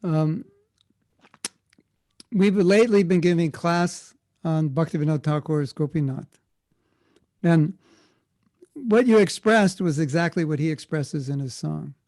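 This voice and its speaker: A man's voice: fairly high pitch, measured pace, a little mellow, no room sound. A man speaking as a guest at a temple, answering a question with informal storytelling and frequent self-corrections. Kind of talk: conversational spiritual talk answering a question.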